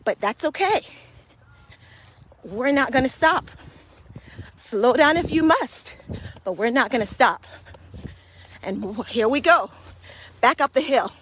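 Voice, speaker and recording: High-voiced, breathless woman coaching a walk. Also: expressive, slow pace, pauses often, a bit bright, slight background noise. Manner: encouraging, motivating. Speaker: fitness coach. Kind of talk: guided walking workout podcast. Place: outdoors walking up and down hills.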